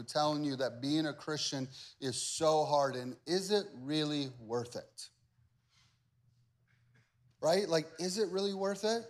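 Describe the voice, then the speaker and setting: The sermon comes from a male pastor with a fairly high pitch, talking conversationally and with lots of animation and repetition. He shifts back and forth between loud stresses and soft asides.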